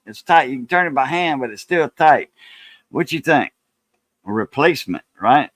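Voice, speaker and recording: A man's voice: mid-range voice, animated, normal speed, fairly bright tone, no echo. A man with a Cajun accent hosting a casual chat, telling rambling folksy stories in a loose, easygoing way. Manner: rambling, folksy storytelling with laughs. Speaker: channel host.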